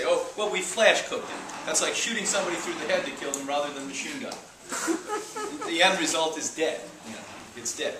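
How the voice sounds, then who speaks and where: Animated man lecturing in an echoey room. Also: fairly high pitch, slight background noise. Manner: animated, joking, mocking asides. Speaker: health institute lecturer. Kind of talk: live lecture to an audience. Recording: echoey room, speaker far from mic.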